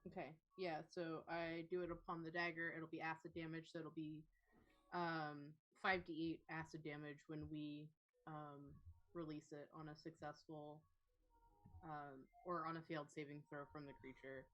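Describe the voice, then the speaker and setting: A woman's voice: low voice, flat delivery, moderate pace, a bit bright, lo-fi sound. A woman playing a live tabletop game, hesitant and often laughing. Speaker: player. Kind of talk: casual game talk.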